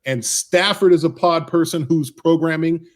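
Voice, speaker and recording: A man appearing as a guest author on a video call, making up a comic story on the spot, with halting starts and many fillers. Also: a little high.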